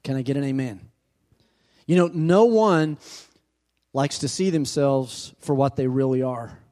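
A pastor preaching a sermon in a church who calls out for amens and asks the congregation questions. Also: male voice, medium pitch, a little slow, mellow. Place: church sanctuary.

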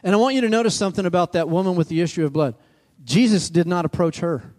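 Higher-voiced male pastor preaching. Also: fast, a little mellow. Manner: preaching with rising emphasis and call-outs to the congregation. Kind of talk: sermon.

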